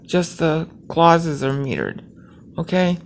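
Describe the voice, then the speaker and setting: A woman teaching a Bible lesson from a hospital bed while ill. She explains patiently, checks in often with "okay?", and slows right down to sound out Hebrew clauses syllable by syllable. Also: low-pitched, wildly swooping pitch, creaky, slight background noise. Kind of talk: recorded teaching. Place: hospital room.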